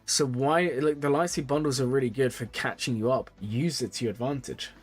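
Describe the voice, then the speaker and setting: A brisk, slightly rough-voiced streamer reviews game accounts with faint music in the background. He rambles through casual advice for viewers, chatting with a lively pitch and repeating himself. He sounds somewhat tired, yawning at times.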